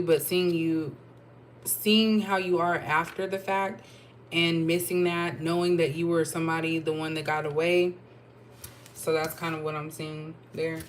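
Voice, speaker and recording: Woman tarot reader, lowish voice, casual and rambling, faint background noise. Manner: chatty, thinking aloud with fillers and asides. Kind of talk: casual tarot reading to camera.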